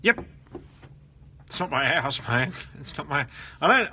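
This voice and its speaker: A man's voice: mid-range voice, expressive, unhurried, pauses often, pushed and bright, a little hiss or hum. An Australian man hosting a casual live stream from his office, joking around and reading viewer comments aloud. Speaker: host of a live SEO question stream. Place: office at work.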